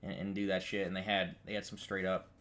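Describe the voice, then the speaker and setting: A man's voice: level tone, quick pace. Ranting, foul-mouthed man from upstate New York. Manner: profane, ranting, swinging loud and high when worked up; rambling with frequent restarts and "dude". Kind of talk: casual chat.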